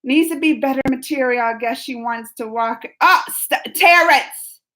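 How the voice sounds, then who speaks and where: A woman with a high-sitting voice hosts a casual live-chat video at a moderate pace. She reads viewers' comments in an animated, playful way and laughs often.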